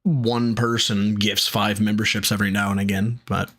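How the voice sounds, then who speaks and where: A man streaming, pausing a clip to talk back at it in exasperated, profane casual commentary. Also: on the low side, flat delivery, a bit bright. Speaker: streamer reacting to a video.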